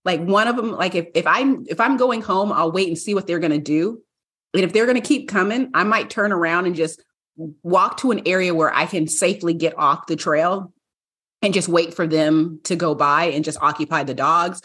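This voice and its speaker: A woman co-hosting a podcast in casual chat, an animated storyteller who laughs often. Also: normal speed, husky. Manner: animated storyteller, acts out her dogs in high voices, laughs often. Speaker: podcast co-host.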